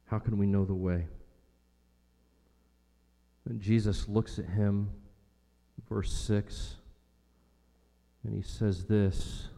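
A man preaching a sermon in a slow, unhurried way, with a warm, mellow voice. He asks his audience questions and answers them himself. His voice trails off into the long reverb of a big hall. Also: lowish voice, little pitch movement, gravelly.

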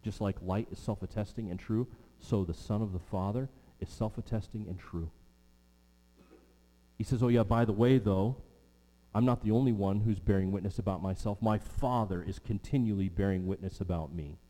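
A man's voice: fairly low pitch, normal speed, mellow, big-room sound. A man preaching an expository sermon, stressing key words and repeating his main lines.

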